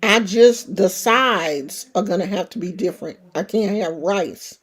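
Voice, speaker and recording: A woman's voice: medium pitch, measured pace, breathy edge. A woman in her sixties chatting frankly and casually as a vlogger, swearing freely and speaking in an earthy way. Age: 60s. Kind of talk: casual to-camera chat.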